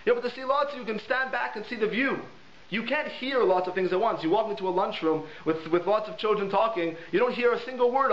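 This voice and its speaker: Male rabbi, lively teaching style with heavy repetition; high voice, muffled lo-fi recording with faint hiss. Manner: animated, repeats words for emphasis. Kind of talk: holiday Torah lesson with storytelling. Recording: echoey room, dull lo-fi sound, faint hiss.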